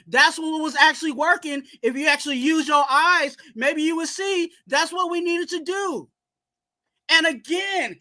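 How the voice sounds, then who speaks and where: A man's voice: extremely high pitch, measured pace. Fired-up man ranting about football. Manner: worked up, shouting at the coaching. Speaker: podcast co-host. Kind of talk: heated sports fan rant.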